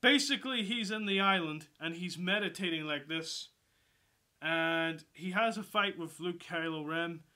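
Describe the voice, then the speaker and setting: A man giving a casual, excitable movie review, swearing freely and rambling through his thoughts. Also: fairly high pitch, a little slow. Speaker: film reviewer.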